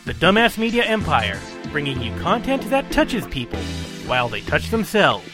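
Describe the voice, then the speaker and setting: Man doing a high, swooping promo announcer, sing-song jingle delivery, music bed behind. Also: sing-song, moderate pace. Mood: showy.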